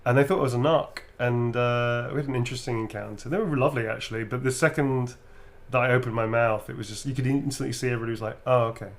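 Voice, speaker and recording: A man's voice: mid-range voice, fast talker. A middle-aged man with a British accent, talking casually while he signs autographs on a livestream. He laughs through his stories and swears freely. His voice sits in the middle of a man's range. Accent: British English. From Britain. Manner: laughs often, swears freely, animated storytelling. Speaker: actor signing autographs. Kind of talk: casual chat during a livestream signing.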